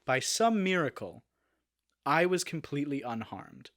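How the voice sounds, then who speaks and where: In a casual interview, a young adult man who's a guest actor tells a story in an animated way, full of fillers and restarts. His voice is on the high side and he takes his time.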